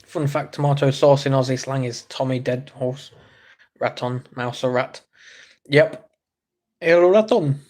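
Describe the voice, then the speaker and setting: A man's voice: medium pitch, flat delivery, unhurried, a little mellow. A man from England hosting a casual livestream, reading chat comments aloud and joking with viewers. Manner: chatty, joking, reacts to chat messages. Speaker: livestream host.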